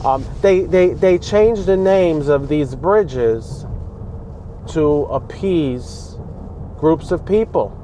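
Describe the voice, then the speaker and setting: A man's voice: on the high side, expressive, drawn-out words, warm tone. Aggravated New York man ranting while driving. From New York, Bronx. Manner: aggravated, ranting, talks back at traffic. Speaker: vlogger. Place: inside a car on city roads. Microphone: dash-mounted camera. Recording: faint road noise inside a car. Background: traffic and street noise.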